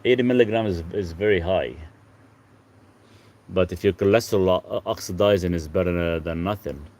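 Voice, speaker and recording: A man from Lebanon hosting a casual livestream, answering viewers' health questions in a relaxed, rambling way. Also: low-pitched, moderate pace. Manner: relaxed, rambling, talks softly to his dog between questions. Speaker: health channel host answering live chat.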